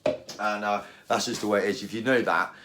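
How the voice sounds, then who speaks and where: A man's voice: lowish voice, a little fast, background noise. A man ranting casually about fishing while making bait at home, rambling and slangy. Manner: animated, slangy, rambling rant. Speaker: angling vlogger. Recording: echoey room.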